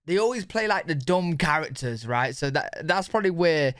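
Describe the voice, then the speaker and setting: Chatty British reaction host, clean dry sound. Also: male voice, on the high side, lively intonation, normal speed, fairly bright tone, no room sound. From Britain. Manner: curious, chatty, asks lots of questions. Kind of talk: casual reaction chat.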